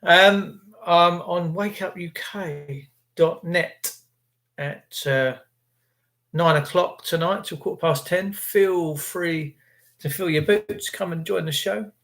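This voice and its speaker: A man's voice: sits high, slow pace, vocal fry, fairly bright tone. A man hosting a casual live stream, greeting viewers by name in a chatty, cheeky way and slipping into rants. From England. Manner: chatty, cheeky, ranting at times.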